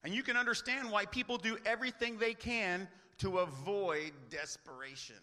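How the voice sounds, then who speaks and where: A man's voice: high voice, normal speed, bright, forceful tone, long reverb tail. A man preaching a sermon as pastor, earnest, often asking rhetorical questions.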